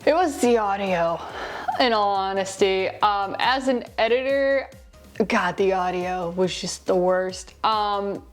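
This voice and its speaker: A woman's voice: mid-range voice, slow pace, soft background music. A woman reviewing a film in a casual, sarcastic, rambling way, recorded on a lapel mic in her shirt. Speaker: movie reviewer.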